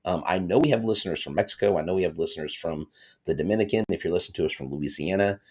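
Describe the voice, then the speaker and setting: A man hosting a live sports podcast, chatty and excitable, reading out viewer comments as he goes. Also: sits low, racing, slightly rough. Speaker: podcast host. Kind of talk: live-stream sports talk.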